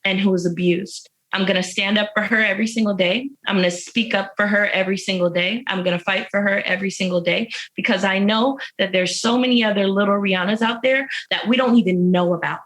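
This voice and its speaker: A woman's voice: mid-range voice, brisk, hardly any pauses, fairly bright tone, low-quality recording. A woman being interviewed from jail, speaking about her life with earnest, faith-filled emphasis and repeated phrases, moved close to tears. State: emotional. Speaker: interview guest, incarcerated mother. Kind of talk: heartfelt personal testimony.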